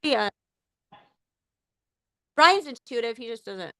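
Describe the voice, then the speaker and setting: A woman's voice: a little high, animated, a little slow, bright, forceful tone, dry recording. A woman hosting a live podcast in casual, rambling chat, swearing freely and joking around. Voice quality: profane, rambling, playful. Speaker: podcast host.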